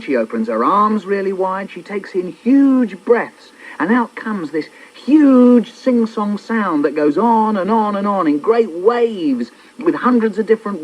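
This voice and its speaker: Playful man performing children's poems. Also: high-pitched. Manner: playful, theatrical, switching into character voices. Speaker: poet reading his own poems. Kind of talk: performed poetry reading for children. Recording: dull old cassette copy.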